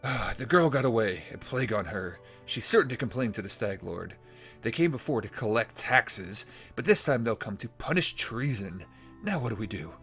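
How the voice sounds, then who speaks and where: A man's voice: on the low side, expressive, normal speed, a bit bright, soft background music. A man voicing a worried older male trading-post keeper from a computer role-playing game, read aloud plainly in his own voice. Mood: gloomy.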